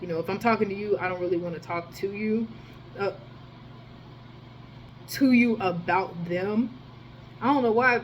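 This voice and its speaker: A woman's voice: medium pitch, a little hiss or hum, poor audio. A young woman telling a storytime vlog in a rambling, profane way, full of fillers. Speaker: storytime vlogger. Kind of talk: casual storytelling.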